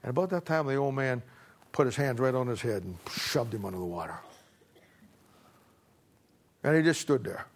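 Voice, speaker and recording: A man's voice: mid-range voice, lively intonation, normal speed, long pauses. Folksy storytelling male preacher. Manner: folksy storytelling, repeating words as he goes. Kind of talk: sermon with a told story.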